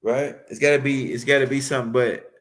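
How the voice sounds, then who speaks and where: The host of a spiritual teaching livestream gives a loose, rambling lecture, repeating himself and dropping street slang. His mid-range voice is brisk and fairly bright, with mostly even intonation.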